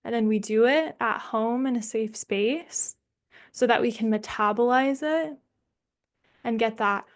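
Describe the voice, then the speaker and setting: A young woman leading an online somatics workshop over a video call, speaking casually and candidly, swearing freely and thinking aloud with pauses. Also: a little high.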